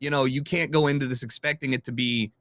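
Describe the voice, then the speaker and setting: A man's voice: medium pitch, fairly even intonation, fast talker, a bit bright, no room sound. A young adult man, a streamer, talking candidly and opinionatedly in a casual podcast chat. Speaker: streamer guest.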